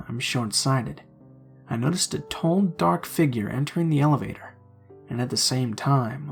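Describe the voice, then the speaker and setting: A man reading true horror stories aloud in a hushed, suspenseful narrating voice. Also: mid-range voice, vocal fry, slightly rough.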